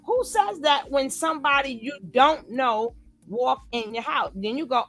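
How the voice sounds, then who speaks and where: A woman with a high voice speaks a little slowly, with faint music playing behind her. She does casual live reaction commentary, reading the chat aloud and talking back to it. She animatedly acts out quoted lines in different voices, repeating them a lot.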